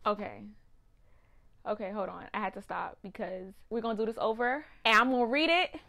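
A woman's voice: mid-range voice, fairly quick, vocal fry, pushed and bright. A woman talking casually to camera in a vlog, chatty and emotional, often calling her viewers "you guys". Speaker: vlogger.

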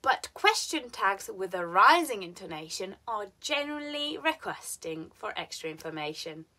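Italian woman with bright, lively teaching voice. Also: mid-range voice. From Italy. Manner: slow, clear, exaggerated intonation. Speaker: English teacher. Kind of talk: lively scripted lesson with spoken example sentences.

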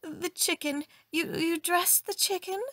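A woman's voice: very high-pitched, fairly even intonation, measured pace, a bit bright, slight background noise, voice pushed up. A woman voicing a flustered, fussy lady of the house in a storybook, exclaiming in alarm. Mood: questioning.

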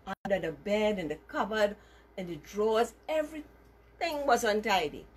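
A woman telling a moral story to children as a teacher, animated and asking them questions as she goes. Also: medium pitch, moderate pace, slightly rough.

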